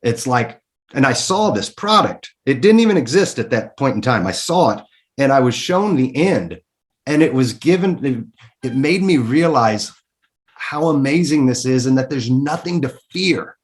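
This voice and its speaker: A man's voice: mid-range voice, lively intonation, moderate pace. Candid, emphatic man telling his story. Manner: candid and emphatic, swears freely, repeats words when worked up. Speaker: interview guest. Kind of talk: casual storytelling interview.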